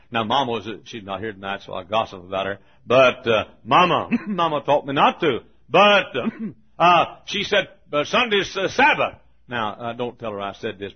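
A man's voice: on the low side, husky, dull audio. An older man in his seventies, preaching a folksy sermon full of stories, often chuckling.

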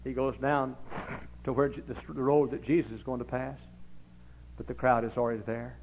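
Gravelly folksy preacher telling a story. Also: male voice, medium pitch, little pitch movement, normal speed, slight background noise. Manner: folksy storytelling, swings into shouted exhortation. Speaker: pastor. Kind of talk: sermon. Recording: dull lo-fi recording.

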